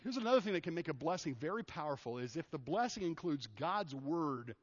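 Pastor, male, chatty sermon delivery, fairly high voice, long reverb, dull lo-fi sound. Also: brisk. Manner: casual, animated, acts out quoted people. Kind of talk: conversational sermon. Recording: muffled sound in a reverberant hall.

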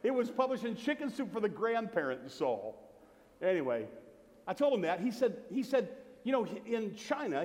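Middle-aged guy pastor, higher voice, funny storytelling sermon, long church echo. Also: darkish tone. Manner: humorous storytelling, acts out quoted voices. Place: church sanctuary. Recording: long hall reverb from the church.

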